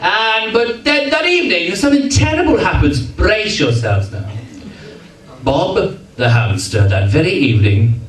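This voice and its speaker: Pitched high and very animated, an English comedian takes his time telling a funny story to an audience. He teases and chats with a playfully self-important tone, while the far-off microphone picks up hall echo and the crowd.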